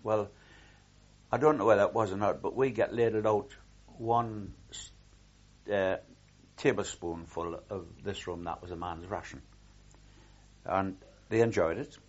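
A man's voice: lowish voice, steady tone, unhurried, long pauses, darkish tone, muffled recording. An older man recalling his war service in a rambling oral history, with frequent restarts and repeated words.

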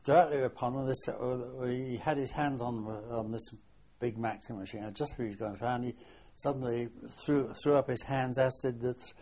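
An older man, a war veteran, reminiscing in an oral history interview, halting and often trailing off softly. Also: mid-range voice. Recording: dull lo-fi archival tape.

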